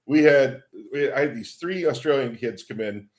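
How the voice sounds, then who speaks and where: A man's voice: mid-range voice, normal speed. A man telling a story as co-host on a casual livestream, friendly and laughing often. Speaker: co-host, husband.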